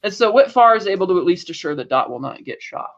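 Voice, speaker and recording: A woman's voice: lowish voice, sing-song, fast. Woman recapping a show on lo-fi audio. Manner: retells scenes, acting out quoted lines. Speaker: podcast co-host. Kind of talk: casual episode recap. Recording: dull lo-fi audio.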